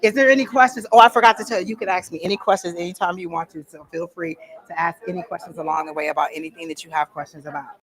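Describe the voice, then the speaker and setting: A woman's voice: lowish voice, fairly even intonation, rapid-fire. A woman talking informally to a workshop audience at a psychic fair, chatty and conversational, stopping to ask the room for questions.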